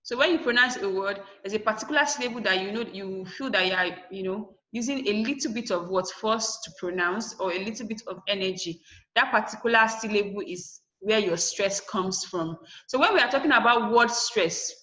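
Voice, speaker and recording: A woman's voice: mid-range voice, a little fast, fairly bright tone, muffled recording. Female teacher in an echoey room, lecturing an online class, repeats herself for emphasis. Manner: asks rhetorical "what?" questions and answers them. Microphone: video call.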